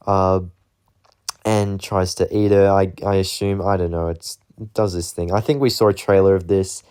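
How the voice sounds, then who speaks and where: Rambling low-voiced young man. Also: a little mellow, clean tone. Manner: rambling, offhand, lots of fillers. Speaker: movie reviewer. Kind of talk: casual movie recap.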